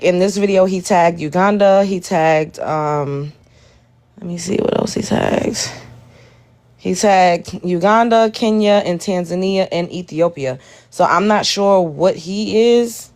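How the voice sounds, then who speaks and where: A woman's voice: lowish voice, darkish tone. Exasperated woman hosting a live stream. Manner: exasperated, addresses chat directly. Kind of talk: casual live stream commentary.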